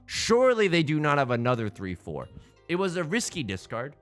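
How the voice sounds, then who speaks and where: A young man hosting a game let's play, talking through his moves with jokes and big swings between excited yelling and low muttering. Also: brisk, faint music behind. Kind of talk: game commentary.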